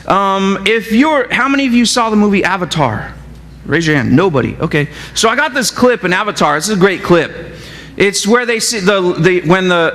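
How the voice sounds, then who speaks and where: Animated male pastor in a reverberant church. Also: high voice, a little hiss or hum. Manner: animated, asks the congregation questions. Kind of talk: sermon. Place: church sanctuary.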